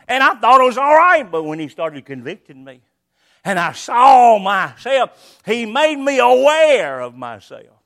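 Older preacher, high-pitched and emphatic. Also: male voice, sing-song, measured pace. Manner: emphatic, repetitive, swings between loud and hushed. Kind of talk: sermon.

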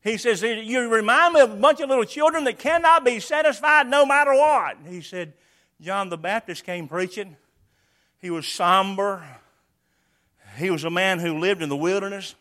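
A man preaching a sermon, explaining a scripture passage verse by verse and acting out its quotes with sudden loud bursts. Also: high voice, a little slow.

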